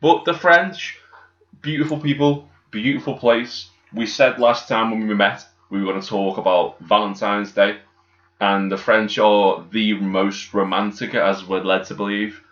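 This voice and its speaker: A man's voice: lowish voice, steady tone, unhurried, a bit bright. A man, co-hosting a podcast in jokey, casual banter. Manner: jokey, does silly voices. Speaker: podcast co-host. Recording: echoey, dull-sounding room.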